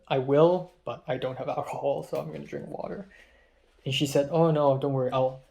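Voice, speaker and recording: A man's voice: on the high side, vocal fry, darkish tone. A young man telling a personal story in a rambling diary-style vlog, full of ums and quoted back-and-forth, sounding tired. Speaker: vlogger.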